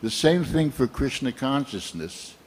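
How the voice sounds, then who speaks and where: A man in his seventies from the United States, giving a slow, earnest and heartfelt sermon full of personal anecdotes. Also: mid-range voice, animated, slight background noise. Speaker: guest speaker at a temple program.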